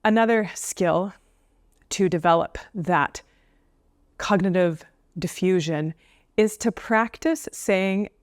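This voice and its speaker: A woman's voice: fairly low pitch, takes it slowly, pauses often, no echo. Woman, counsellor, casual advice talk, playful, dry sound.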